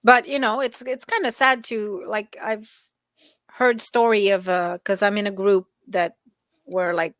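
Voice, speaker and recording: A woman co-hosting a casual morning chat, talking in a relaxed, rambling way with many restarts. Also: mid-range voice, a little slow, no echo, studio quality. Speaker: co-host.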